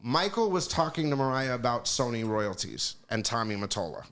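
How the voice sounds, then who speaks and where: A man on a podcast telling casual stories in an animated, profane way, acting out the voices of people he quotes. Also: medium pitch, normal speed. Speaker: podcast guest. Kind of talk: casual storytelling.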